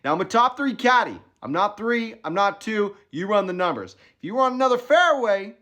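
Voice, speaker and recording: A man who works as a golf caddie, telling a funny story in an animated, boastful way and laughing between lines. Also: high voice, fairly quick. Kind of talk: comedic storytelling.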